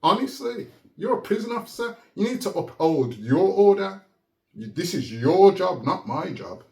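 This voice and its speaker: A man talks in a relaxed, storytelling way, with a slightly high voice. He laughs often and keeps asking "yeah?" to check the listener follows. The room gives his voice a noticeable echo. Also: moderate pace. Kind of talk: casual conversational storytelling. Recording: roomy echo.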